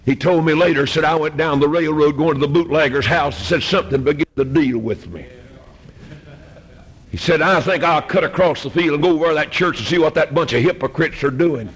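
A middle-aged man preaching a fiery storytelling sermon, moving from hushed tales to shouted exhortation. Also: a little high, fairly quick, slightly rough.

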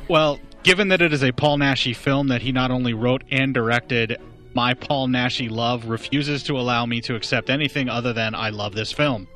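A man's voice: medium pitch, fairly even intonation, brisk, fairly bright tone, faint music behind. A man with an Appalachian accent, an enthusiastic, joking co-host in a casual film podcast chat.

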